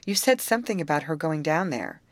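A woman reading the part of an eager, excitable teenage girl in an audiobook. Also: low voice, a little fast, dry recording. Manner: excited, exclamatory.

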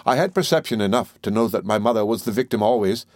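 A low-leaning male voice narrates a classic novel in audiobook form, its storytelling steady and measured. The scripted reading is a dry, studio-quality recording.

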